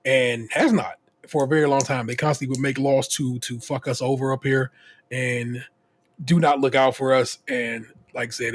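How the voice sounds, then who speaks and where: Husky man ranting on a podcast. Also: medium pitch. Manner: profane, ranting, lots of restarts; animated, voices others in quotes. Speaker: podcast co-host. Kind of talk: casual podcast chat.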